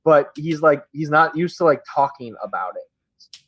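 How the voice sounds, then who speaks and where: A man's voice: fairly high pitch, lively intonation, a little slow, a bit bright, breathy edge, dry recording, poor audio. A man running a tabletop game as dungeon master, narrating casually with many fillers. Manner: casual, full of "like" and "um".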